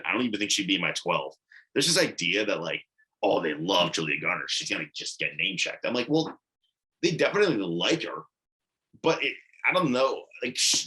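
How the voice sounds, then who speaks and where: A man's voice: on the low side, sharp tone, poor audio. A man giving casual, blunt commentary on TV award predictions, swearing and rambling with asides.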